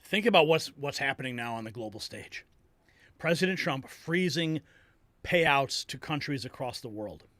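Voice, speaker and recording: A male host delivering excitable political news commentary, reacting to clips. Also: medium pitch, normal speed, no room sound.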